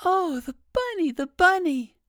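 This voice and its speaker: A man voicing an excited little boy in a storybook reading, squealing and pleading. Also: very high-pitched, a little slow, no room sound, studio quality, pitched above the performer's own voice, heavily acted.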